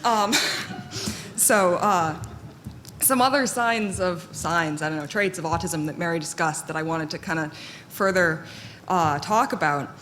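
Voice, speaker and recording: Fairly monotone woman in an echoey hall. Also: on the low side, a little slow. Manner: candid, self-deprecating, chatty with many fillers. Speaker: conference speaker. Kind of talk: live conference talk. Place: conference hall. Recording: echoey hall with faint noise.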